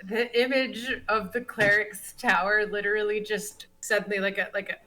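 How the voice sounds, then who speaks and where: A woman's voice: medium pitch, fairly even intonation, moderate pace, pushed and bright, poor audio. A woman playing in a tabletop game, describing her character in a chatty, giggly way full of fillers. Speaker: player. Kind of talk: casual role-play storytelling.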